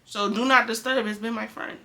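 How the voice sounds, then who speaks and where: A young woman talks straight to camera in a casual advice vlog. Her voice sits a little high and sounds bright and forceful. She is firm and emphatic and circles back to repeat her points. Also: fairly even intonation, a little fast. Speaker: vlogger.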